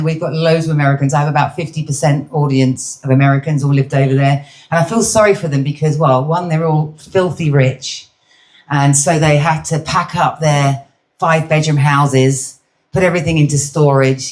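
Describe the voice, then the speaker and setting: Cheeky low-voiced British woman comic. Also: a little mellow. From Britain. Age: middle-aged. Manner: cheeky, chatty, teasing the audience. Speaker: stand-up comedian. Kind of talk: stand-up crowd work. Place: comedy venue with live audience.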